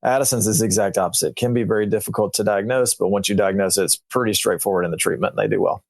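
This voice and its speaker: A man, a veterinarian guest on a radio show, explaining conditions in a relaxed, plain way. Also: lowish voice, racing, vocal fry, dry recording. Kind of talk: casual explanatory chat.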